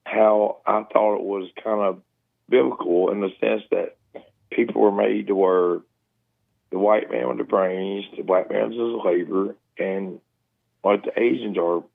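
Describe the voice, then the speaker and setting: Southern guy calling in on the phone, mumbly and fast, rough raspy voice, thin phone sound. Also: lowish voice, steady tone. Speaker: caller. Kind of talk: casual call-in chat. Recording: tinny phone line.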